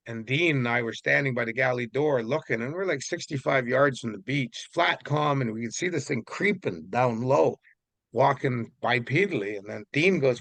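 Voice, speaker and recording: A man's voice: mid-range voice, creaky, no echo. A man from Vancouver Island, Canada, telling a story in a casual, rambling way as an interview guest. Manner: rambling, relaxed, many fillers.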